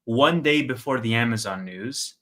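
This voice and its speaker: A young man co-hosting a casual stock-market livestream, telling an animated story with quick asides and laughs. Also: mid-range voice. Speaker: co-host of a stock market stream.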